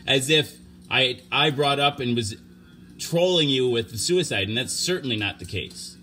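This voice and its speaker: A man hosting a livestream show, talking off the cuff in a halting, stammering way, earnest and defensive. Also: mid-range voice, expressive, sharp tone, a little hiss or hum. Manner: halting, stammering, restarts sentences. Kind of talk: unscripted livestream talk.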